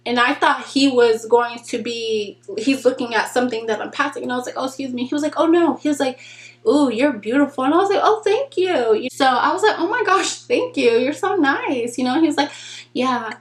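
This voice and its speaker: A young woman vlogging casually while doing her makeup, frank and slangy, acting out conversations in animated storytelling. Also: high voice, normal speed, few pauses. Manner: chatty, animated storytelling with acted-out quotes. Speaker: beauty vlogger. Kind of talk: casual get-ready-with-me chat. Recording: echoey room.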